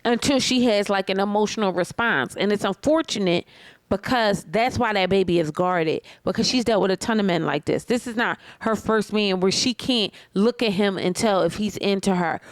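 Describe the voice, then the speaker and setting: A woman co-hosting a casual TV review chat, making her points with lively examples and asides. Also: mid-range voice, no echo. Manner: animated, explains with examples and asides. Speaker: co-host of a reality TV review show.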